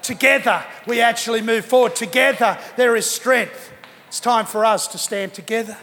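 A man's voice: extremely high pitch, steady tone, normal speed, a bit bright. A middle-aged male pastor preaching a sermon in a church auditorium, emphatic and repeating his key phrases. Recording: long reverb from a large hall.

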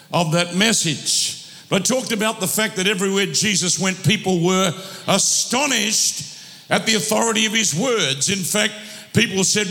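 A male pastor preaching a sermon with a strained throat, exhorting in loud bursts with humorous asides. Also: high voice, long reverb tail.

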